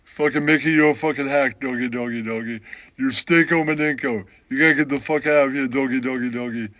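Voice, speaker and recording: A man's voice: medium pitch, steady tone, fairly quick, pushed and bright, no echo, lightly acted. A man voicing a cocky, crude male comic who taunts others with a chanted refrain. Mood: taunting. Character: brash cocky male comic, trash-talking.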